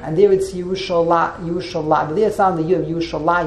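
Woman giving a class, kinda low voice, repeats herself a lot, room echo. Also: fairly even intonation, fast talker, creaky, slight background noise. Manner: repeats and restarts words while explaining. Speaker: teacher of a text class. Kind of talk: classroom lecture with questions. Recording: roomy echo.

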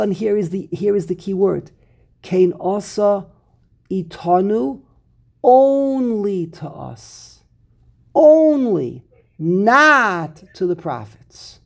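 A man's voice: sits high, vocal fry, dark tone. A man teaching a Torah text class, explaining verses emphatically and repeating words for stress. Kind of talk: Talmudic-style text study class.

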